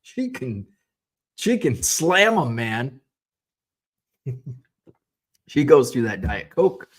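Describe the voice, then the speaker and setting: A man's voice: mid-range voice, big pitch swings, extremely slow, husky. Man ranting casually while driving. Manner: rambling, profane, exasperated ranting. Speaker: vlog host. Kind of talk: casual rambling monologue.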